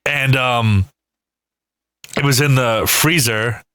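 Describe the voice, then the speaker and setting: A man co-hosting a casual comedy podcast, telling stories in an animated way with lots of swearing and acted-out screams. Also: medium pitch, slow pace, clean tone, no echo, rough recording. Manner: animated storyteller, heavy swearing, acts out screams. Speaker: podcast co-host.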